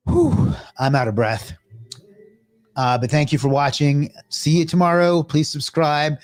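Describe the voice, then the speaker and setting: A man's voice: on the high side, unhurried, a little mellow, no echo. A man hosting a live stream, chatting casually with viewers, thanking them and asking them to subscribe.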